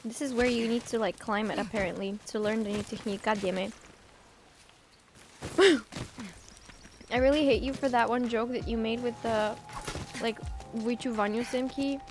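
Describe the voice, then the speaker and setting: A woman's voice: on the high side, moderate pace, long pauses, slight background noise. A young woman from Bulgaria with a Bulgarian accent, chatting casually with her chat while livestreaming a game, teasing and reading messages aloud. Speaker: streamer.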